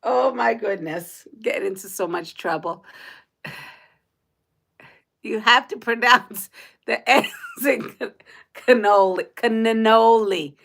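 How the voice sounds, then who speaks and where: Slow-talking, laughing woman streamer. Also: medium pitch, vocal fry, pushed and bright, husky. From United States. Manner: chatty, laughs often, amused. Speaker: quilting live-stream host. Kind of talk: casual live-stream chat, reading viewer comments.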